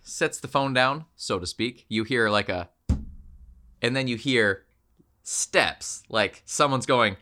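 A man's voice: mid-range voice, takes it slowly, a little hiss or hum. A man hosting a podcast, telling a funny story and acting out the voices in it. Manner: animated, acts out every voice in the story. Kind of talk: comic storytelling.

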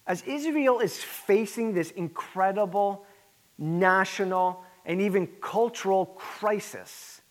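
A man with a notably high voice preaches with earnest emphasis. He leans on repeated words and drops in casual "right?" asides to the congregation. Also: slow pace. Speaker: pastor. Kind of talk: sermon.

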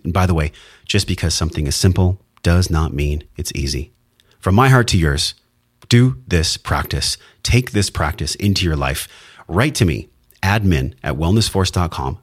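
Deep-voiced man hosting a heartfelt podcast. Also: no room sound, studio quality. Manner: earnest, heartfelt, emphatic with occasional swearing. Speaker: podcast host. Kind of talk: solo wellness podcast monologue.

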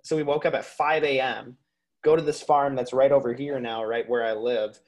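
Young man, podcast guest, animated storyteller, casual and profane, mid-pitched voice. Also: normal speed. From Minnesota. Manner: animated storyteller, swears freely, lots of "like" and "dude". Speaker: podcast guest, waterfowl hunter.

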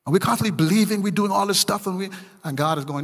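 A man's voice: high voice, fast, in a large hall. A man preaching a sermon as a pastor, with emphatic delivery and a storytelling manner. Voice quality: gravelly, husky.

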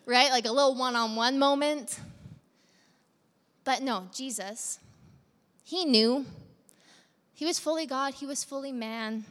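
A woman delivers a sermon in a fairly high voice and a chatty, direct way, putting questions to her listeners. Her voice rings out with a long reverb tail, as in a large hall. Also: a little slow, pauses often, fairly bright tone. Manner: conversational, engaging congregation with direct questions. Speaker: pastor.

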